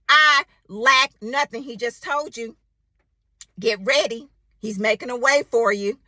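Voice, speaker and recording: A woman's voice: sits high, bright, forceful tone, no echo, studio quality. A woman preaching a devotional sermon, exhorting her listeners, repeating her phrases, reciting scripture and calling for a response.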